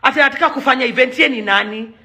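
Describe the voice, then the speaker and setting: Racing along in a high, pushed, bright voice, a young Kenyan events promoter and celebrity unloads an angry, passionate rant to camera. She accuses, then pleads, then accuses again, dropping Swahili phrases into her English.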